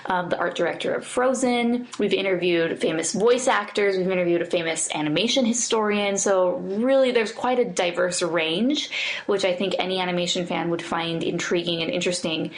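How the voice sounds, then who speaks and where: A woman co-hosting a podcast, chatting casually and reading listener mail in an upbeat, easygoing way. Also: lowish voice. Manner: chatty, upbeat, laughs easily. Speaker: podcast co-host.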